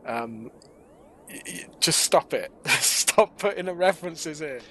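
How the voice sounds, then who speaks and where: A man's voice: a little high, animated, takes it slowly, pushed and bright, slight background noise. A man co-hosting a podcast, chatting casually and mocking with jokes and little put-on voices. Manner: joking, mocking, acts out voices. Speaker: podcast co-host. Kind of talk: casual chat.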